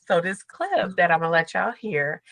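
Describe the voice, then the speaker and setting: A woman's voice: fairly low pitch, sing-song, moderate pace, creaky, a bit bright, dry recording, rough recording. A young adult woman hosting a casual group podcast, chatty and slangy, laughing as she tells stories. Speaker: podcast host.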